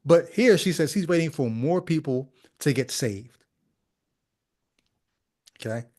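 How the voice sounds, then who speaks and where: A man's voice: a little high, lively intonation, slow pace, a little mellow. A man hosting a podcast, giving critical commentary on a video clip in a skeptical, conversational way full of rhetorical questions. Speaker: podcast host.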